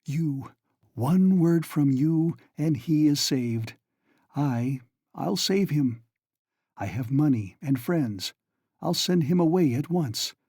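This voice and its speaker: An obsessive older nobleman, read by a male narrator, presses his case in urgent, pleading tones. The voice is warm and dark, recorded dry and close. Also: fairly high pitch, lively intonation, slow, breathy edge, no echo, pitched above the performer's own voice, exaggerated voice. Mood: impassioned. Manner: urgent, pleading, sometimes hushed.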